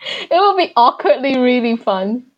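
A woman co-hosting an esports chat talks with excited, gushing energy. Her voice sits fairly high. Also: moderate pace, highs cut off. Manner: excited, gushing fan talk. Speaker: co-host. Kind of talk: casual chat.

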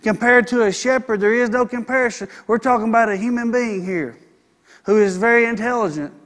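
A man's voice: very high voice, brisk, fairly bright tone. A middle-aged man, preaching a sermon and calling out for an amen. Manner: preaching with call-and-response "Amen". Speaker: pastor.

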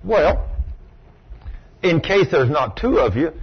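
A man preaching to a congregation in a folksy, storytelling way. His voice sits fairly high and sounds a little husky, sinking low and quiet for quotes and rising sharply when he exclaims. The recording is dull and lo-fi. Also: very animated, slow pace. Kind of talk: sermon with storytelling.

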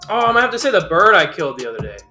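A man's voice: high voice, big pitch swings, racing, sharp tone, soft background music. A man hosting a podcast, telling a rambling, profane story in casual banter. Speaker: podcast host.

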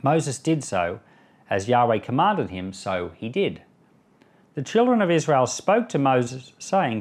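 A pastor with a sing-song, unhurried, mid-range voice reads from the Bible and then offers conversational commentary. At times he acts out the voices of the people he quotes.

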